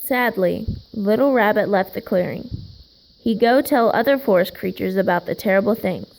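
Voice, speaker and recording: Storybook reader: woman, gravelly low fry in her voice, slow and gentle delivery. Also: rough recording. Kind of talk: reading a picture book aloud.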